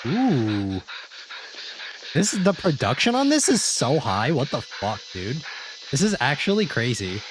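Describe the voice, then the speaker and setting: A man doing casual live reaction commentary, bouncing up and down in pitch as he jokes and cusses at what he watches. He keeps turning to chat with questions, and a steady hiss of noise sits under the recording. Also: a little slow. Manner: playful, joking, swears freely, talks to chat. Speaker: streamer reacting to a horror video.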